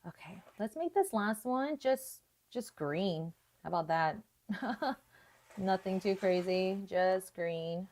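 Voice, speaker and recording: A woman's voice: mid-range voice, animated, slow, darkish tone, slight background noise. A young woman hosting a live watercolor painting tutorial, chatting casually, thinking aloud and laughing often. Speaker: art tutorial host.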